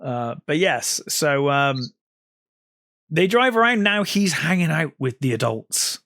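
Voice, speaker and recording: A man's voice: a little high, sing-song, slow, a bit bright, dry recording, clean studio sound. A man co-hosting a film podcast, casually retelling scenes with lots of fillers. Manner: retells scenes with acted quotes, many fillers. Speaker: podcast co-host.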